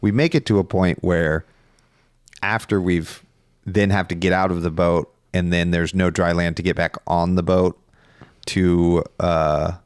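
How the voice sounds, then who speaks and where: A man's voice: low voice, steady tone, unhurried, smooth, no echo, studio quality. A young man, co-host of a podcast, chatting casually and telling a rambling story with frequent laughs. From Northern California. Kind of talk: casual chat.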